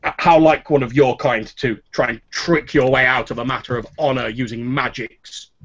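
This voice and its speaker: A man's voice: medium pitch, fairly even intonation, normal speed, fairly bright tone, husky. A man voicing a proud, hot-tempered young male noble who speaks in a pompous, formal way. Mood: indignant. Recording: dull lo-fi recording.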